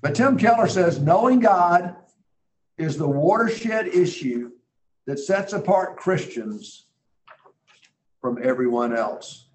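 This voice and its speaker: A man's voice: a little high, lively intonation, slow pace, pauses often, rough recording. A man teaching a Bible class in a conversational way, earnest and emphatic, thinking aloud as he reads scripture.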